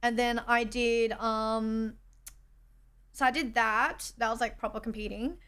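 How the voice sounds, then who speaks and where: On a borrowed indoor streaming setup, a young Australian woman casually reads and thanks her chat. Her voice sits a little high, with fairly even intonation, a measured pace, and a fairly bright, clean tone.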